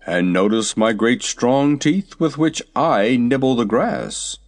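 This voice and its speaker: A man voicing a boastful old male cab horse in a storybook, slow, loud and pompous. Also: medium pitch, expressive. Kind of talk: storybook character voice.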